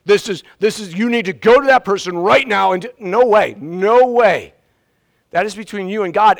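A man preaching a sermon as pastor, animated, swinging from soft asides to loud outbursts and getting out of breath. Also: very high voice, creaky. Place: church sanctuary.

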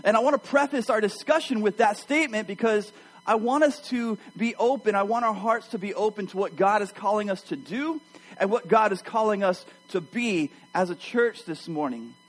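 Pastor guy preaching, pretty high voice, lively storytelling to the church. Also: normal speed, low-quality recording. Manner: animated storytelling, addresses the congregation. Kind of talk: sermon.

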